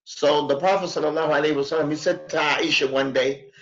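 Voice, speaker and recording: A man teaching a religious class, animated, repeating himself and acting out quotes. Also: fairly high pitch, fast talker, few pauses, lo-fi sound. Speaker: Arabic teacher.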